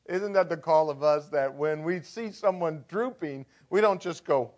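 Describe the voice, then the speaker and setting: A man preaching a sermon as pastor, shifting from hushed and conversational to loud and emphatic. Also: fairly high pitch, moderate pace, few pauses.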